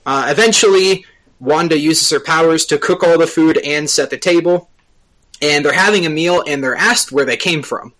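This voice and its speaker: A man co-hosting a podcast, recapping a TV episode at length in casual chat, often pausing on filler sounds. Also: a little high, a bit bright, rough recording. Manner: explains at length with frequent uh fillers. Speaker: podcast co-host.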